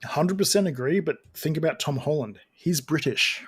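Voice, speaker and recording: A man's voice: fairly high pitch, normal speed, husky. A man co-hosting a podcast, chatting casually and rambling with lots of restarts and fillers. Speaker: podcast co-host. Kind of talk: casual chat.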